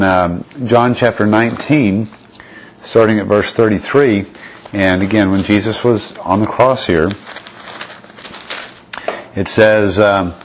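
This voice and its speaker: Low-voiced man preaching a sermon. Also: muffled recording. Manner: reads scripture aloud, asks rhetorical questions.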